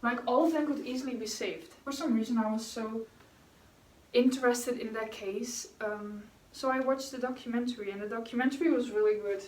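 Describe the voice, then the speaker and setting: This young vlogger, painting in a room at home, rambles casually and giggles through viewer questions. Her slightly high, steady voice moves fairly quickly, caught off-mic from a distance in an echoey space.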